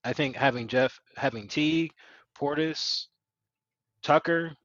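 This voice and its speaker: A man's voice: a little high, slow pace, a bit bright, no room sound, muffled recording. A man co-hosting a casual sports podcast, speaking hesitantly with many fillers. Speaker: podcast co-host.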